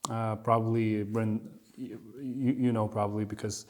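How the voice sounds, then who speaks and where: Animated Kazakh man on a podcast. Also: fairly low pitch, normal speed. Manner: animated, laughs while telling stories. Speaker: podcast host. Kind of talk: casual chat.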